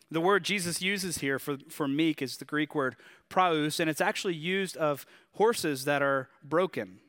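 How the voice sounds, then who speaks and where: Animated Southern man preaching a sermon. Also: fairly high pitch. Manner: conversational and animated, with rhetorical questions. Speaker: pastor.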